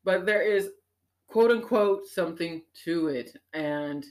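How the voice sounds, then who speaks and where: A woman hosting a show, talking in an animated, emphatic personal monologue that swings up into exclamations. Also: lowish voice, slow. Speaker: podcast host.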